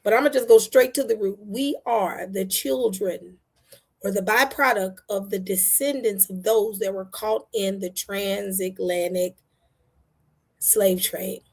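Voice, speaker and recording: Blunt, husky woman host. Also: mid-range voice, measured pace, darkish tone. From United States. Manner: blunt, impassioned, repeats for emphasis. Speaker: online show host. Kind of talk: casual commentary to viewers.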